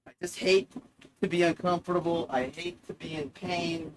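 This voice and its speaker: A man's voice: on the high side, level tone, normal speed, noisy background. A man streaming live, rambling in a sardonic, self-mocking way and swearing freely.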